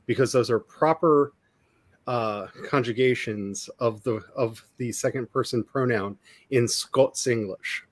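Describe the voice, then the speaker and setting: A man's voice: mid-range voice, measured pace, dry recording. A man, an author hosting a casual chat, talking in long, wry digressions. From Ozarks, USA. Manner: chatty, digressive, wry asides. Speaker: author and channel host.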